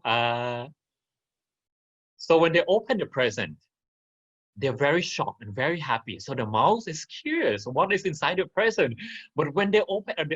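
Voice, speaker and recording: A man's voice: fairly high pitch, fairly bright tone, husky, highs cut off. A man teaching an online class, telling a farmyard story and asking his listeners questions as he goes. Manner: interactive, asks the audience questions.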